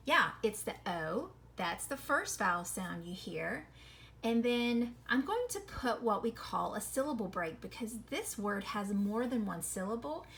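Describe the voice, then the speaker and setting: A woman's voice: a little high, fairly bright tone. Upbeat woman teaching kids to read. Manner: encouraging, sounds out words slowly and clearly; asks the class frequent tag questions. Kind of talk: recorded reading lesson for children.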